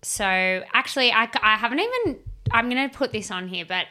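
A woman's voice: on the high side, very animated, brisk, pushed and bright. A woman co-hosting a casual chat, chiming in with reflective comments. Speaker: podcast co-host.

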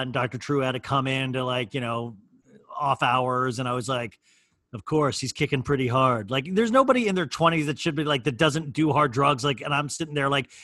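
A man's voice: mid-range voice, bright, forceful tone, dry recording, studio quality. A man co-hosting a podcast, telling rambling stories full of fillers in casual chat. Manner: rambling, filler-heavy storytelling. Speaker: podcast co-host. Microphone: studio microphone.

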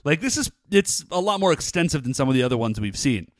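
A man co-hosting a podcast, recapping a TV episode in casual chat with animated, enthusiastic storytelling. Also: a little high, fast talker, dry recording. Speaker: podcast co-host.

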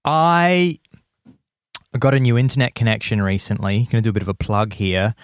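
A man's voice: on the low side, quick pace, no echo, clean studio sound. A man hosting a podcast in casual chat, enthusiastic and playful, often repeating lines for effect. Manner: enthusiastic, repetitive listing, playful. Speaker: podcast host.

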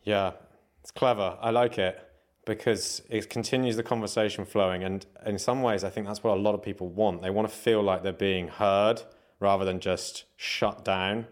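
A male host with a fairly low voice responds reflectively, thinking aloud as he talks. He speaks in an easy conversational interview style. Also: fairly even intonation, moderate pace.

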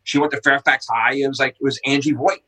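Excitable husky-voiced man telling stories. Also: mid-range voice, quick pace, low-quality recording. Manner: excitable, swearing, acts out quotes loudly. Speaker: skate shop owner, podcast guest. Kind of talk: casual storytelling.

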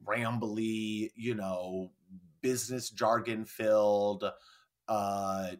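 A man's voice: lowish voice, flat delivery, drawn-out words. A man co-hosting a film podcast in casual chat, rambling and swearing freely as he acts out quoted lines. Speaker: podcast co-host.

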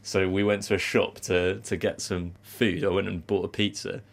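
A man co-hosting a podcast in casual chat, chatty and quick to laugh, often slipping into silly put-on accents. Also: low-pitched, level tone, gravelly. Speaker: podcast co-host.

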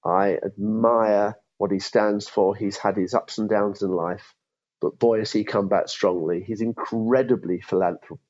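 A man's voice: on the low side, a little mellow, breathy edge, lo-fi sound. A man in his fifties, a former law firm chief, thinking aloud in an interview with frequent restarts. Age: 50s. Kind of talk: interview conversation.

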